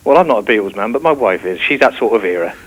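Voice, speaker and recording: A man's voice: on the low side, lively intonation, fast talker, a little hiss or hum, low-quality recording. A man calling in to a TV show, giving brief, easygoing answers. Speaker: phone-in caller. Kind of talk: casual chat on a call.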